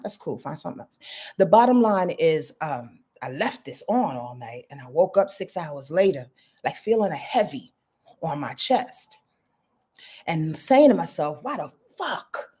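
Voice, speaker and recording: Husky-voiced woman, candid and swearing. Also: sits low, sing-song, moderate pace, a little mellow. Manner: candid, blunt, swears freely, rambling. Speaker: astrologer. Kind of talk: casual confessional vlog monologue.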